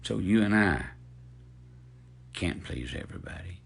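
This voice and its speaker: A man in his fifties, known on social media, vents indignantly to camera, lecturing followers and singling people out. His low voice is husky with vocal fry, lively in intonation, and measured in pace.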